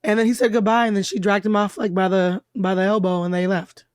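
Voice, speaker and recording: A woman hosting a podcast, telling a dating story in casual chat, her voice hoarse from laryngitis. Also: mid-range voice, fast, no echo, clean studio sound. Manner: chatty and expressive, storytelling. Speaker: podcast host. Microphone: studio mic.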